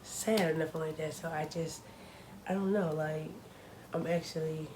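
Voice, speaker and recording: A woman's voice: low-pitched, steady tone, moderate pace, a little mellow, a little hiss or hum, rough recording. A young woman talking casually to her camera at home, chatty and full of fillers, openly nervous. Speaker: vlogger.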